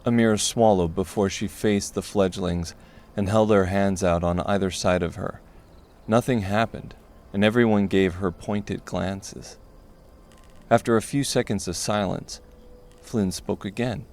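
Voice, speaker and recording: A man narrating a dark fantasy audiobook in a steady, measured way. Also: low voice.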